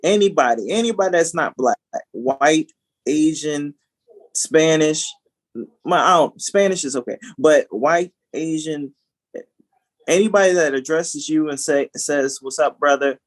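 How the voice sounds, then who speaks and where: A man's voice: fairly high pitch, a little slow. A man co-hosting a podcast in casual chat, talking animatedly with frequent restarts. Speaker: podcast co-host.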